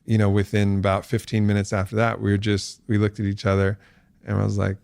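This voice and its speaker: A man being interviewed as a podcast guest, talking reflectively and growing animated and laughing as he tells a personal story. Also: on the low side, fast talker, creaky, smooth, no echo, clean studio sound. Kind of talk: candid conversational storytelling.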